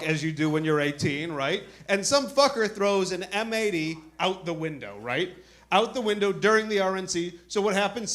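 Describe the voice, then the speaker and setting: High-voiced stand-up comedian from Chicago. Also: male voice, a bit bright. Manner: casual storytelling, acting out quoted voices. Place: comedy club stage with audience.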